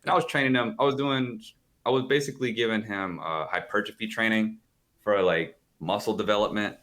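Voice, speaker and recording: A man's voice: fairly low pitch, fairly quick, fairly bright tone. A man guesting on a podcast over a video call, telling stories in a rambling way, full of "like" and casual swearing. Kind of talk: casual storytelling chat. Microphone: calling in over a video call.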